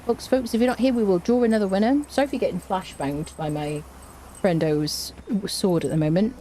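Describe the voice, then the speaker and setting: A woman's voice: lowish voice, lively intonation, measured pace, warm tone, slight background noise. A young woman, chatting playfully and laughing often as she live-streams a game. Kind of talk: casual live-stream chat while gaming.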